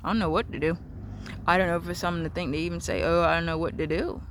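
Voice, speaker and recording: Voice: mid-range voice, fairly even intonation, rapid-fire, a little hiss or hum. A vlogger talking in a casual, rambling, repetitive monologue outdoors in a backyard. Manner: rambling, repetitive, free-associating.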